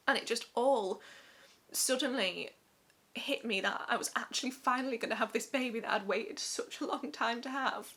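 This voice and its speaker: A woman's voice: a little high, a bit bright. A young woman vlogger from England telling her birth story in a chatty, emotional way, laughing often. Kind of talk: casual storytelling to camera.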